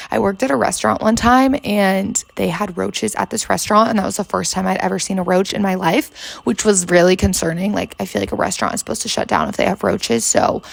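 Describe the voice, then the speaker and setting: Hungover young woman in her 20s rambling on her podcast, kinda gravelly, super dry sound. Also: mid-range voice, dry recording. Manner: rambling, lots of fillers and swearing. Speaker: podcast host. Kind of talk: casual chat. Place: her bedroom.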